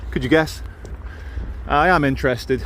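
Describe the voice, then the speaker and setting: A man's voice: a little high, measured pace, fairly bright tone, slight background noise. A man filming a walking vlog outdoors in a city, giving jokey, chatty tour-guide commentary. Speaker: vlogger.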